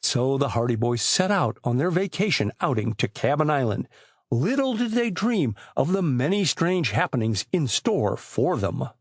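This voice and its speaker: A man narrating a classic boys' adventure audiobook in a measured, expressive storytelling voice. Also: medium pitch, dry recording, clean studio sound. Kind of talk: scripted narration.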